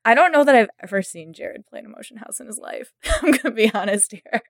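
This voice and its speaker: A young woman co-hosting a casual podcast chat, animated and laughing as she acts out quotes. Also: fairly high pitch, quick pace, gravelly, no echo, clean studio sound. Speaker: podcast co-host.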